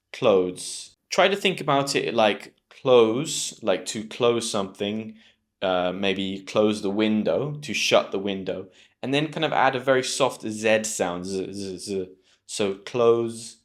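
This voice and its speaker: A British man with a British English accent, teaching English pronunciation to camera and slowly repeating words clearly. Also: lowish voice. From Britain.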